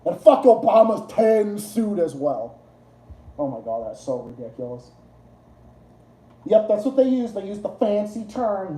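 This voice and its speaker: A man's voice: high-pitched, very animated, a little slow, pauses often, dark tone. A man hosting a casual livestream, rambling and swearing, often laughing at his own jokes. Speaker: livestream host. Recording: roomy echo.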